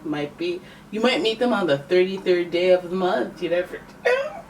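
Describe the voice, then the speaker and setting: Speaking at a moderate pace in a mid-range voice, a Canadian tarot reader does a joking, chatty reading to camera, musing aloud and correcting themself. The mic is a little distant, and faint background noise can be heard.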